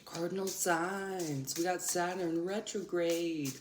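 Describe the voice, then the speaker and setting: Chatty young woman doing a tarot reading, kinda low voice, swears casually, noisy roomy recording. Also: fairly even intonation, slow. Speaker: tarot reader and channel host. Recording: echoey room with loud background noise.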